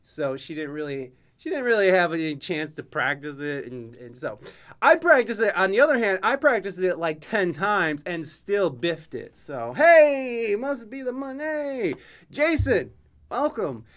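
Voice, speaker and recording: A man's voice: on the high side, very animated, normal speed, fairly bright tone. Goofy rambling podcast host, a man. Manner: goofy, rambling, jokey with frequent laughs. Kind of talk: casual podcast chat.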